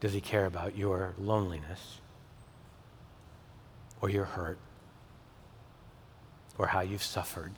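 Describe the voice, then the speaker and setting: A male pastor delivering a sermon, swinging from emphatic peaks to soft, intimate tones. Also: low-pitched, flat delivery, slow, long pauses, a little hiss or hum. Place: church sanctuary. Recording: long hall reverb.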